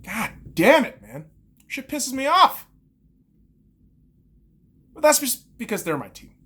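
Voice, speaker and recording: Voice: high-pitched, very animated, takes it slowly, a bit bright, husky. A podcast host alone in a room, ranting about basketball with constant swearing and heated bursts. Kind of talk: solo sports rant.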